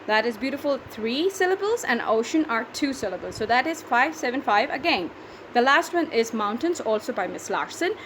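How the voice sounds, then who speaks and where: A woman's voice: on the high side, sing-song, moderate pace, a bit bright, a little hiss or hum, rough recording. A woman teacher with a Pakistani English accent, patiently explaining a poetry lesson step by step and counting syllables aloud.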